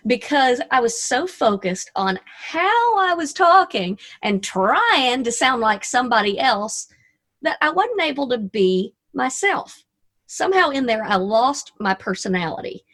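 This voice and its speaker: A middle-aged woman from Arkansas with a Southern US accent, a radio DJ giving a lively motivational talk over a video call, folksy and chatty with playful asides. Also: on the high side, a little slow. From Arkansas, USA.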